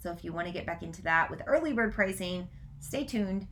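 Fast-talking woman host guiding breathwork. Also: fairly low pitch, expressive, a little hiss or hum. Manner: fast, run-on talking with restarts; gentle instructive guidance in breathwork. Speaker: spiritual coach and podcast host. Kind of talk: casual live-stream talk guiding breathwork.

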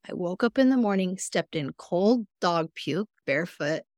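A woman guest on a podcast, a mindfulness coach, telling personal stories in a candid, earnest way with sudden jumps in pitch. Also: animated, a little slow, darkish tone, dry recording, clean studio sound. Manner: earnest, self-reflective. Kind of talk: casual interview conversation.

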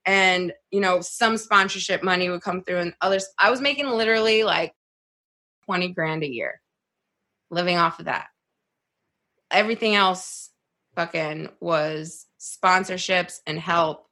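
A young adult woman telling a personal story on a podcast in a casual, animated way, saying "like" a lot and swearing freely. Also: medium pitch. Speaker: podcast guest.

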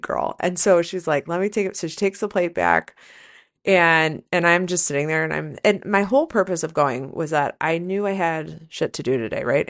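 A woman hosting a casual solo podcast, telling a rambling story in a candid, profane way. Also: sits low. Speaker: podcast host, nurse and coach.

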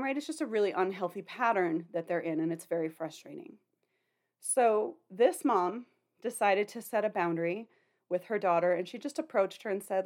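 A woman's voice: lowish voice, darkish tone. A middle-aged woman, a parenting coach, hosting a podcast in an earnest, conversational way with casual fillers. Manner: earnest, conversational, many "you know" and "like" fillers. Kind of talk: podcast talk.

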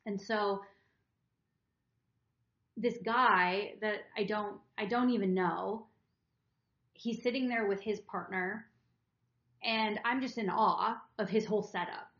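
A woman's voice: medium pitch, slow pace, pauses often, fairly bright tone, muffled recording. Earnest woman podcaster, roomy sound. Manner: earnest, emotional, rambling with restarts. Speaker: podcast co-host. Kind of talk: candid personal storytelling to her partner.

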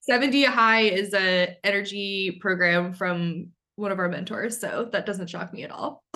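A woman's voice: medium pitch, a little slow, pushed and bright. A woman hosting a casual podcast, speaking candidly, swearing casually and laughing at herself. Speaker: podcast host.

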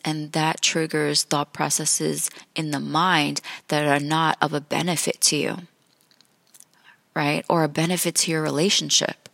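A woman's voice: deep voice, vocal fry, a bit bright, no room sound. A woman hosting a podcast, talking casually and chattily, laughing and correcting herself as she goes. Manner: chatty, laughs often, self-correcting asides. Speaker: podcast host. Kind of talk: casual solo podcast talk.

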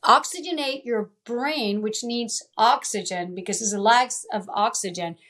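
A woman from Italy and Venezuela talks as a coach in an interview. Her voice sits a little high. She is emphatic and keeps repeating her main points in motivational talk. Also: unhurried, a bit bright. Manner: emphatic, repeats key phrases. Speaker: guest, life coach.

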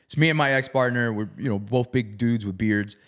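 Male storyteller, casual and profane, animated when quoting others. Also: medium pitch, fairly quick. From South Florida. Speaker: real estate investor.

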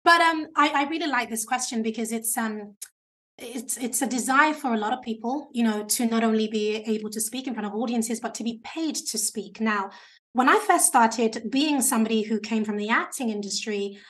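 A woman speaking coach giving advice in an interview, animated and talkative. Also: fairly high pitch, moderate pace. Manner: animated, chatty, self-described natural talker.

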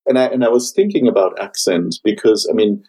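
A man with a German accent hosts a podcast conversation. His voice sits a little low and has a husky edge. He talks thoughtfully and often stops to search for the right word. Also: fairly quick, dark tone, poor audio. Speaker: podcast host. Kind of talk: casual conversation.

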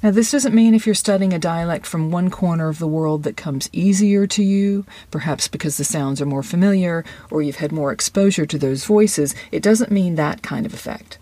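A mellow, low-key voice with a slightly husky, breathy edge, talking like a coach encouraging students. The delivery is conversational, sometimes slipping into quick asides and hushed whispers for emphasis. The sound is close and dry, with no room echo. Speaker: acting coach. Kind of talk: podcast-style lesson monologue.

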